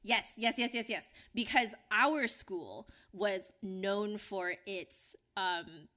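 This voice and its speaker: Brief: young woman podcast co-host from Canada, bright clear tone, chatty and rambling. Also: mid-range voice, slow. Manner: chatty, many fillers and restarts. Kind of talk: casual podcast chat.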